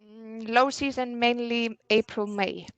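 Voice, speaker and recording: Gravelly-voiced woman on a video call. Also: a little high, steady tone, slow pace, no room sound, muffled recording. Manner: hesitant, short answers. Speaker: hotel representative. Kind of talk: answering questions in a webinar.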